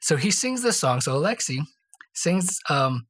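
A podcast co-host telling stories in a casual faith chat, mid-pitched and easygoing. The telling rambles and restarts, and keeps checking in with a quick "right?". It is a loose, conversational delivery. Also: sing-song, fairly bright tone. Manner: rambling storyteller, tags lines with "right?".

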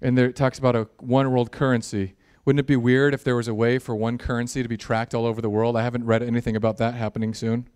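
A man preaching a sermon, animated and jokey, building in intensity at times. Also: mid-range voice, fast, few pauses, clear, resonant tone. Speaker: pastor.

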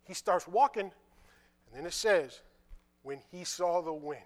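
A man preaching a sermon, reading scripture and retelling it in casual, conversational dialogue, with quiet asides in between. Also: high-pitched, a little slow. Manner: animated, drops to quiet asides.

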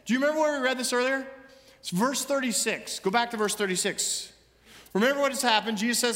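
Pastor, male, high-pitched, animated sermon delivery, long hall reverb. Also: brisk. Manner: animated, acts out scripture voices, shouts for emphasis.

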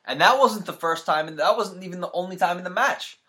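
A man's voice: high-pitched, fairly quick, bright, forceful tone. Mock-indignant man ranting about wrestling. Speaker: podcast guest. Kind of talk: casual podcast banter.

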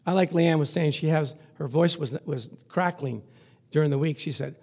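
A male pastor preaching a lively sermon, chuckling often and reading scripture aloud. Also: a little high, normal speed, breathy edge.

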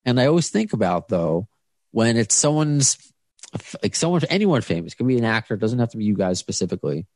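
A man's voice: lowish voice, expressive, a little fast, darkish tone, dry recording. A man hosting a podcast interview, talking casually and rambling with many restarts and fillers. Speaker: podcast host.

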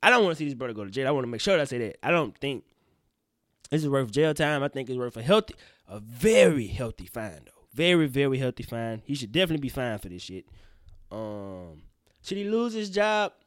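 A man's voice: medium pitch, brisk, dry recording, clean studio sound. A young man hosting a podcast, ranting in casual news commentary, profane and prone to tangents. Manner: animated, profane, goes off on tangents. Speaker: podcast host.

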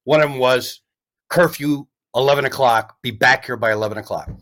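A comedian guest telling a story in casual chat, rambling and animated with lots of restarts. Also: male voice, mid-range voice, brisk.

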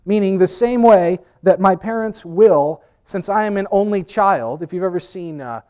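A man preaching from the pulpit in a conversational way. He drops to near-hush and rises to emphatic lines, and he mixes in wry, self-mocking asides. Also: sits high, normal speed, clean tone. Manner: conversational preaching, swinging between hushed and emphatic; uses pop-culture asides and self-deprecating humor. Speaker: pastor. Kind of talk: sermon.

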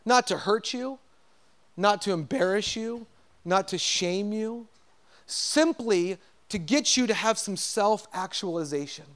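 A pastor preaching an earnest sermon, calling out to his congregation and dropping softer to stress his points. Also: sits high, animated, a little slow.

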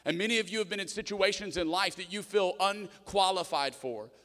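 A man's voice: high voice, fairly quick, a bit bright. A middle-aged man, a pastor, preaching a sermon and telling stories with self-mocking humor. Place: church auditorium. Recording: long reverb in a church hall.

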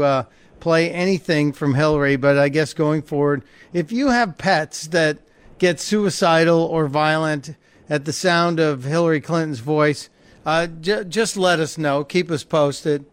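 A man's voice: fairly high pitch, smooth, no echo. A man hosting a talk radio show and taking calls, chatty and jokey, often stumbling and repeating words. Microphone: studio microphone.

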